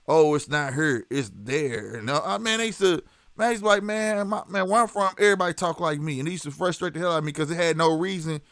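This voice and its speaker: A man's voice: a little high, fairly bright tone, no echo, studio quality. A man with a St. hosting a talk stream, chatting loosely to his live chat and dropping "bro" and "you know what I'm saying" all the time. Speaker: streaming show host.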